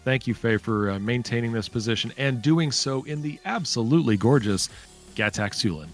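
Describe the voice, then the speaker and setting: A man's voice: mid-range voice, normal speed, soft background music. A man commentating a live-streamed space ship race, chatty and thanking viewers by name.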